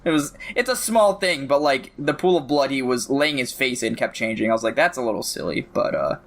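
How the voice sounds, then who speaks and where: A man's voice: medium pitch, expressive, a little fast, gravelly, a bit bright. A man co-hosting a casual movie review podcast, reasoning aloud through the plot's what-ifs. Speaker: podcast co-host.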